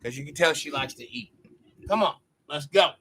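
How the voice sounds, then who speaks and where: A man's voice: fairly high pitch, lively intonation, normal speed, bright, forceful tone, slightly rough, no echo. A man hosting a show, reacting to a clip with angry, profane commentary. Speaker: show host.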